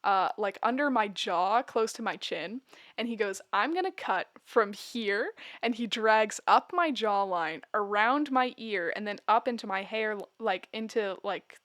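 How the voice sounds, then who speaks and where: A woman around twenty telling a story in a casual vlog, laughing often and joking with wry deadpan humor, rambling and correcting herself as she goes. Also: medium pitch, measured pace, no echo, clean studio sound. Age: about 20. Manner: rambling with many fillers and self-corrections. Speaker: vlogger.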